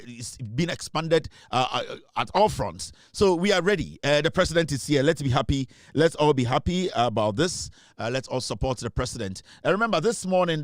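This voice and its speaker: A man's voice: on the high side, no room sound. Ghanaian man, dry close commentary. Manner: many fillers, repeats slogans. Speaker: online show host. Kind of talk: casual political commentary.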